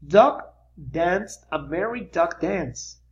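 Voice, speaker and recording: Slow, lively children's story reader. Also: medium pitch, muffled recording. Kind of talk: children's read-aloud.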